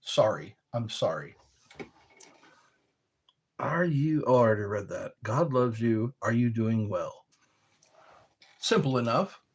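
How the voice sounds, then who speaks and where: Over a little hiss or hum, a middle-aged man hosts a casual livestream, animated but slow and pausing often. He rambles, reads the chat aloud, and now and then lets out high howls and quoted lines.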